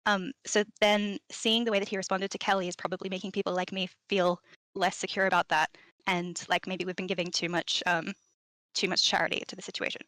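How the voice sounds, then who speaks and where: A woman's voice: lowish voice, little pitch movement, fairly quick, fairly bright tone, no echo. A woman guest on a stream, explaining herself hesitantly and with many fillers. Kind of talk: casual discussion.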